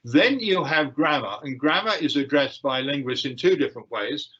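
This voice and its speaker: An older man giving a lecture and answering questions, with frequent fillers, pauses and restarts. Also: medium pitch, bright, forceful tone, slightly rough. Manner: hesitant, many fillers and restarts. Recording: dull lo-fi livestream audio.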